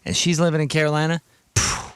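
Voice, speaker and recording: Relaxed man in casual talk. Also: a little high, quick pace, clear, resonant tone, no echo. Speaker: radio show co-host. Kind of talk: casual chat.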